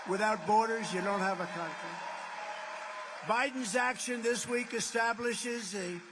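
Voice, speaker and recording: A man delivering a rally speech from a stage microphone, his voice set fairly high for a man. He piles boast on boast in repeated superlatives, drifting into rambling asides. His words ring out with a long reverb through a large hall. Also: a bit bright, slight background noise. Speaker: political candidate.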